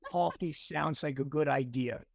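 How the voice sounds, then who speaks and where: Older male guest in his 60s, animated storyteller, a touch high-pitched, dry close sound; earnest. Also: unhurried, creaky, no echo. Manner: animated storyteller acting out dialogue; earnest, emotional at times. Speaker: interview guest. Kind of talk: personal recovery story.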